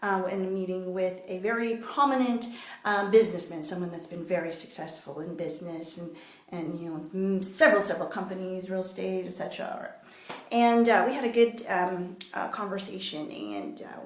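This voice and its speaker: A woman's voice: medium pitch, a bit bright, roomy sound. A woman vlogger from Canada, telling a story to camera in a chatty, rambling way with many fillers. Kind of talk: casual motivational talk to camera.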